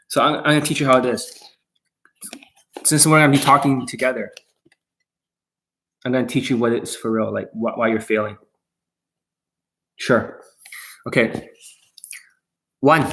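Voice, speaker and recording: A man's voice: medium pitch, fairly bright tone. A man coaching viewers on dating in a livestream Q&A, talking bluntly and aggressively, swearing often and speaking straight at his audience. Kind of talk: profane livestream Q&A rant.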